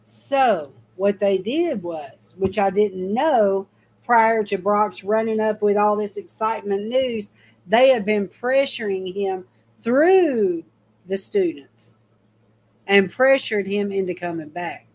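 A woman's voice: mid-range voice, takes it slowly, a little mellow, husky, low-quality recording. A middle-aged woman, telling a personal faith testimony in a folksy, emphatic way and talking straight to her viewers. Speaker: mother giving a faith testimony. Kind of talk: casual storytelling testimony.

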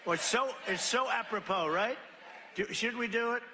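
A man giving a rambling rally speech, asking the crowd questions and shouting. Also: very high-pitched, normal speed, background noise. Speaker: political speaker. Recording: reverberant large venue.

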